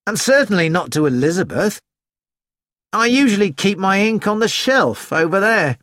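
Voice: mid-range voice, very animated, normal speed, a bit bright, dry recording, studio quality, pitched above the performer's own voice. A reader voicing a thin, mischievous young male student who likes annoying people, in an audiobook. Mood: teasing. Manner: teasing, flippant. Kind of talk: audiobook character voice.

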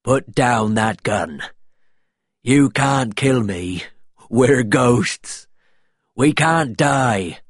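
Guy doing a cold pirate captain, husky, draws every word out, dry sound. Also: mid-range voice, animated, dry recording, full character voice. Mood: menacing. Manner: slow, drawn-out threats. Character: menacing male pirate captain, slow and cold.

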